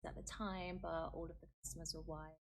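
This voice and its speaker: A woman's voice: low voice, flat delivery, brisk. A woman telling her own experience in an interview, earnest, with fillers and rising intensity, from an archived clip. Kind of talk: personal account in an interview.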